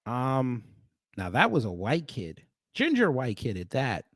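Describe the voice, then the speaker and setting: A man's voice: mid-range voice, huge pitch swings, a little slow, no echo, studio quality. A man hosting a livestream, giving casual reaction commentary and repeating short phrases. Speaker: livestream host.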